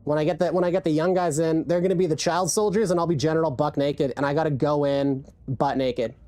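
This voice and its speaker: A woman's voice: deep voice, steady tone, quick pace, mellow. A woman game streamer chatting casually and profanely, rambling with many restarts into a desk mic. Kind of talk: casual live-stream chat.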